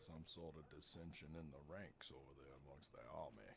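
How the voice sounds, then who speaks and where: A man's voice: a bass voice, steady tone, fairly quick, creaky, noisy background. A man roleplaying in character with formal, courteous, genteel diction.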